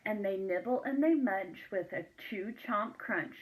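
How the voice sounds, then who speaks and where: A woman reading a children's picture book aloud, expressive and asking her listeners questions. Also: mid-range voice, a little slow, hardly any pauses, rough recording.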